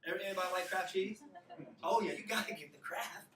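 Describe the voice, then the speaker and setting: A man's voice: high voice, quick pace, a bit bright, a little hiss or hum. A young man from Alabama with a Southern accent, giving a motivational talk to university students with a preacher-like cadence and emphatic repetitions. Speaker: motivational speaker. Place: university auditorium. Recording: roomy hall, picked up from a distance.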